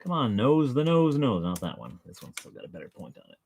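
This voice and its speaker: A man's voice: lowish voice, sing-song, a little fast, vocal fry, a little mellow, a little hiss or hum. A man chatting casually to his viewers while painting at home, joking about himself and chuckling often. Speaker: painting vlogger.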